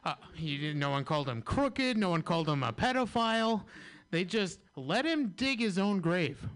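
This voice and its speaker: Lively-pitched man doing stand-up. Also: moderate pace, clear, resonant tone. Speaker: stand-up comedian. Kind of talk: stand-up set.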